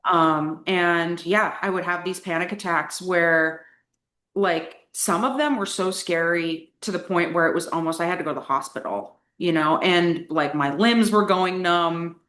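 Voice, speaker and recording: A woman's voice: on the low side, a little slow, a bit bright. A young adult woman, a coaching client, telling her personal story in a casual, candid way, with lots of "like" fillers. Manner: candid, chatty, frequent "like" fillers. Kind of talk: casual interview talk. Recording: echoey room.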